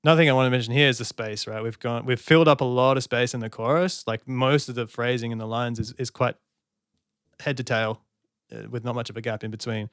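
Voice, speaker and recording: A man's voice: mid-range voice, steady tone, fast, a bit bright, clear, resonant tone, no echo, clean studio sound. Man breaking down a pop song. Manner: breaks off to sing and count beats to demonstrate. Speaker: songwriter reacting to an album. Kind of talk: music analysis commentary.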